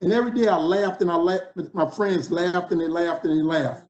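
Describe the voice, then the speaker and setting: This man's voice is high-pitched with a darkish tone, fairly quick, and the sound is lo-fi. A New Orleans native in his fifties with a New Orleans accent, he delivers a motivational keynote at a conference, using rhythmic repetition like a preacher.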